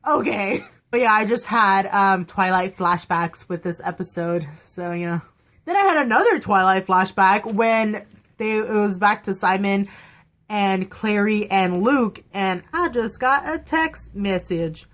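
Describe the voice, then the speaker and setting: A young woman vlogger talking in a casual, chatty way. She gets excited easily, laughs often and acts out lines in little voices. Her pitch sits in a middle range for a woman. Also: a little slow. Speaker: vlogger reviewing a TV episode. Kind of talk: casual chat.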